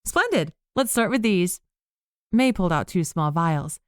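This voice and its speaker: A woman narrator voicing a brisk, bossy young woman who arrives breathless with remedies. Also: lowish voice, expressive, smooth, dry recording, studio quality.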